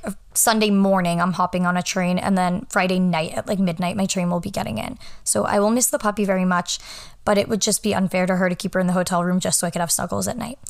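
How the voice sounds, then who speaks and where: A woman's voice: medium pitch, a bit bright. Young woman, chatty podcast host, rambling, lots of filler words, casual solo talk. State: yawning, a little tired. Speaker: podcast host, law student.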